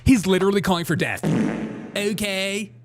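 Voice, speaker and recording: Laughing frequently, this livestream host delivers casual satirical commentary in a sarcastic, mock-outraged style. He speaks at a moderate pace in a high male voice.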